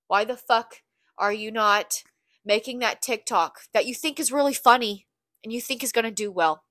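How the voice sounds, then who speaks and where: A woman's voice: on the high side, normal speed, bright, forceful tone, dry recording, clean studio sound. A young woman hosting a podcast, talking in a blunt, candid, profane confessional monologue. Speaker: podcast host.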